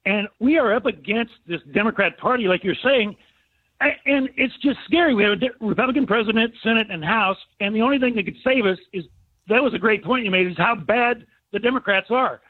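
A man's voice: high voice, brisk, breathy edge, no room sound. A man on a phone line, complaining in an exasperated, repetitive way during a political call-in chat.

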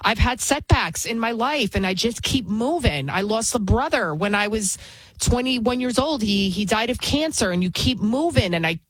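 A woman's voice: a little high, animated, normal speed, breathy edge, dry recording, poor audio. Blunt, rambling woman, dry close sound. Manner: blunt, opinionated, rambling with restarts. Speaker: TV news host. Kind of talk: casual spoken monologue.

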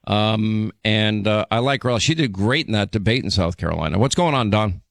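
A man in his sixties hosting a national radio talk show, with a faint New York accent and many quick stammered restarts. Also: lowish voice, gravelly, no room sound. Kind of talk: talk radio, live ad read. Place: radio studio.

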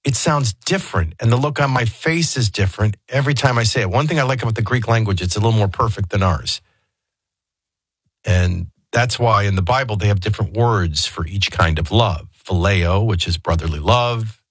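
A man with a lowish, slightly husky voice hosts a talk radio show and talks things through in a loose, digressive way. His folksy asides come across close on a studio microphone with a dry, dead sound. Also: normal speed, no echo. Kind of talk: casual talk radio commentary.

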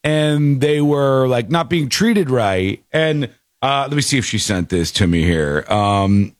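Animated rambling male talk show host. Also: medium pitch, takes it slowly, dry recording, studio quality. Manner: animated, rambling, laughs often. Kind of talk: casual talk show banter.

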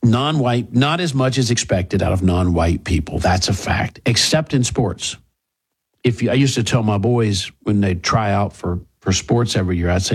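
A man hosting a talk radio show, delivering an indignant monologue full of mocking rhetorical questions, with a husky voice. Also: lowish voice, moderate pace.

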